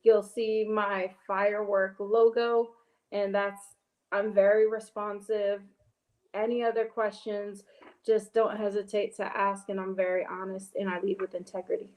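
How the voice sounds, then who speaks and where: A woman's voice: mid-range voice, little pitch movement, unhurried, darkish tone. Earnest upbeat businesswoman guest. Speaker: small business owner, gift basket maker. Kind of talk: casual chat as guest.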